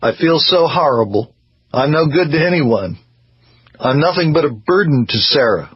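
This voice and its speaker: A man voicing a depressed middle-aged man who mumbles in a flat, reluctant monotone, in a read-aloud story. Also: a little high, normal speed, husky, dull audio, voice pushed up. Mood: flat, dull.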